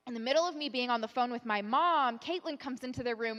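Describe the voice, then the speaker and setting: A woman's voice: a little high, quick pace, hardly any pauses, a bit bright. A young woman giving a keynote talk, telling a personal story in a chatty, self-mocking way full of filler words. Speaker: keynote speaker. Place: conference hall stage. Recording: long hall reverb.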